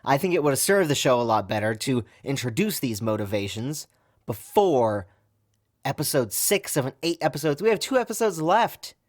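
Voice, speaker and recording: A man's voice: medium pitch, big pitch swings, moderate pace. A man giving a casual video review of a TV episode, in a sarcastic and complaining way. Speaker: TV show reviewer.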